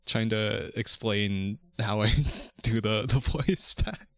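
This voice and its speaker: A man's voice: on the low side, slow. A man streaming as a vtuber, chatting casually and rambling through restarts and swearing about voice technique. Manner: rambling, frequent restarts, swears, laughs between words. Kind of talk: casual chat.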